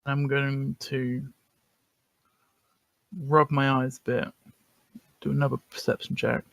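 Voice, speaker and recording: A man chats casually as a player in a tabletop game. His voice is gravelly and recorded close and dry. He calls out his actions plainly and adds the odd wisecrack. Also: medium pitch, flat delivery, slow pace, fairly bright tone, no echo.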